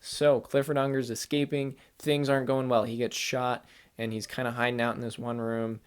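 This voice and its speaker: A man hosting a gaming channel, rambling excitedly through a casual spoiler chat with lots of "like" and "kinda". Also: medium pitch, moderate pace, clear, resonant tone. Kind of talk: casual spoiler chat about a video game.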